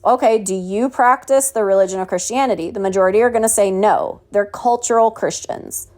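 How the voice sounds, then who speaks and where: A woman's voice: mid-range voice, brisk, hardly any pauses, darkish tone. A woman teaching a Bible study in a preachy, mocking tone, asking rhetorical questions and reading scripture aloud. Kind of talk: home Bible study sermon.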